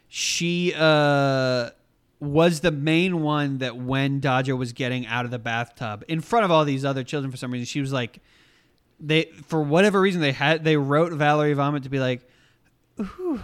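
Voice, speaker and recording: A man's voice: medium pitch, normal speed, smooth. A man co-hosting a casual podcast, chatting about a film with dry, matter-of-fact asides. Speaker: podcast co-host. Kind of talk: casual chat reviewing a film.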